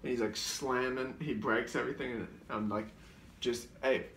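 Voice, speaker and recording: A man's voice: mid-range voice, fairly even intonation, moderate pace, a bit bright. A man telling stories in a casual, rambling way, leaning on "like" and restarting his sentences. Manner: rambling, heavy use of "like", frequent restarts, briefly mimics voices. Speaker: comedian recounting his sketches. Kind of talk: casual storytelling. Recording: roomy sound from a distant mic.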